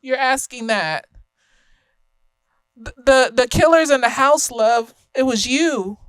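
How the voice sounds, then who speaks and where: High, smooth-voiced woman ranting with laughs. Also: lively intonation, takes it slowly, no echo. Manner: profane, laughing often, emphatic. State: slightly tipsy. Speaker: film reviewer. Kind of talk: casual tipsy film review rant.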